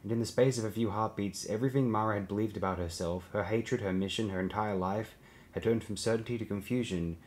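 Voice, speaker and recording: Deep male voice, audiobook narrator, steady, low-key. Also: fast. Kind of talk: scripted narration.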